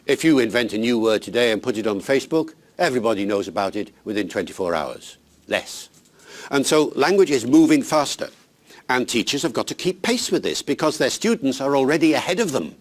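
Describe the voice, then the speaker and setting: Older guy explaining language stuff to teachers, really lively up and down voice, chatty and emphatic. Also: mid-range voice, fairly quick. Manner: animated, emphatic, conversational lecturing. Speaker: linguist giving advice to teachers. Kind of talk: unscripted explanatory talk.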